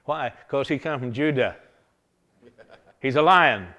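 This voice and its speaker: A man preaching a revival sermon, telling a Bible story in a folksy, animated way, often chuckling. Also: medium pitch, slow pace.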